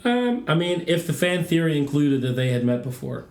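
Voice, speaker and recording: A man's voice: a little high, sing-song, brisk, darkish tone, reverberant. A man co-hosting a casual gaming podcast, hesitant with many restarts and a dry, coughing throat. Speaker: podcast co-host. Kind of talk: casual chat.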